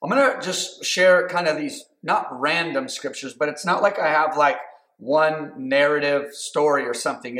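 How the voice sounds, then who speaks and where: Fairly high-voiced preacher in echoey room. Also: male voice, fairly bright tone. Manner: conversational preaching with many fillers and restarts. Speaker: pastor. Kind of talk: sermon.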